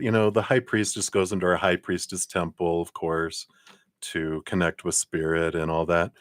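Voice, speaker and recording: Deep-voiced man giving a tarot reading. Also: a bit bright, dry recording, studio quality. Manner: chatty, encouraging, thinks aloud with fillers. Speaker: tarot card reader. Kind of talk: casual live tarot reading.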